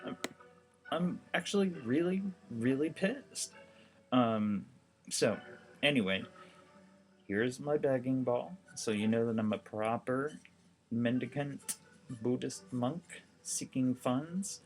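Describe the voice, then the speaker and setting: A man's voice: mid-range voice, slow pace, long pauses, soft background music. A seriously ill man talking casually to the camera, rambling and heartfelt with lots of fillers. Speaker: documentary vlogger.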